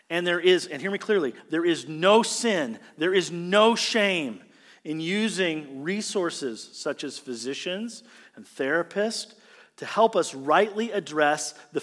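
A high-pitched male pastor delivers an earnest, expressive sermon. He reads scripture with feeling. His voice rings out in a church sanctuary with a long, lingering reverb. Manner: earnest, expressive preaching with dramatic scripture reading.

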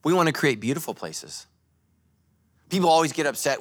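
A male pastor giving a sermon at a church service, joking and telling animated stories. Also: on the high side, a little fast. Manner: animated, joking, storytelling preacher.

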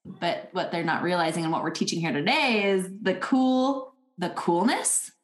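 A woman co-hosting a podcast in casual chat, animated and acting out little quoted thoughts. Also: fairly low pitch, moderate pace, echoey room. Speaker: podcast co-host.

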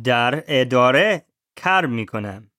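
A man's voice: mid-range voice, lively intonation, quick pace, sharp tone. A male student in a language lesson echoes each word after his teacher. He repeats them carefully, and the recording is dry and close.

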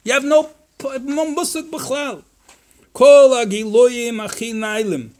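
A rabbi with a fairly high voice leads a Torah class in an animated, conversational way. He weaves Hebrew and Yiddish quotes into his English and voices imagined objections sarcastically. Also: takes it slowly.

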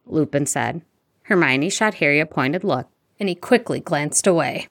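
A woman narrating a fan fiction audiobook in a steady storytelling manner. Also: low-pitched, moderate pace, no echo, studio quality.

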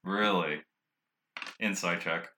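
A man's voice: low voice, fairly even intonation, takes it slowly, heavy background noise. A young man playing a tabletop game, speaking dryly and tersely in character. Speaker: player.

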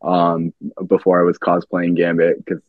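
Husky, low-voiced male guest. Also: monotone, moderate pace, dry recording, narrow, tinny audio. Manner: laid-back, laughs often, many fillers. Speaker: cosplayer guest. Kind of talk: casual interview chat.

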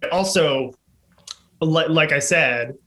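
A man's voice: a little high, takes it slowly, bright, forceful tone. A man chatting as a guest, enthusiastic and rambling with lots of restarts. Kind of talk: casual chat.

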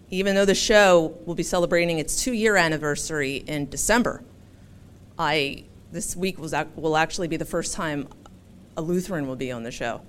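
A woman's voice: lowish voice, fairly bright tone, a little hiss or hum. A woman from Philadelphia giving a chatty, humorous public speech as a talk show host. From Philadelphia, USA.

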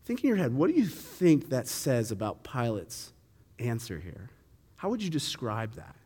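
A man's voice: mid-range voice, wildly swooping pitch, moderate pace, dark tone, slightly rough, big-room sound. A man giving a casual sermon on a Bible passage. He keeps asking his listeners questions and acts out the quoted lines. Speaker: preacher.

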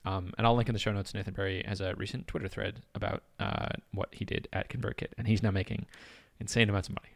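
A man's voice: lowish voice, steady tone, fast talker, vocal fry, hardly any pauses, no room sound. A man hosting a podcast in casual chat, retelling a story with frequent laughs and fillers. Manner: chatty, laughs often, many fillers. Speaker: podcast host.

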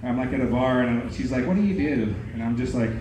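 Deadpan stand-up man in an echoey club. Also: medium pitch, fast talker. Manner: deadpan one-liners, laughs at his own jokes. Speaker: stand-up comic. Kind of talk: stand-up set at an open mic. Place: comedy club. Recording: very echoey club, noisy room. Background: audience laughter.

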